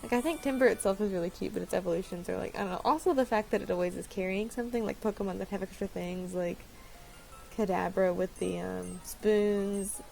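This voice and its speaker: A woman's voice: medium pitch, brisk, creaky, darkish tone, faint music behind, low-quality recording. A woman giving casual, rambling commentary while playing a game, often apologizing and laughing at herself. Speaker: let's-play host.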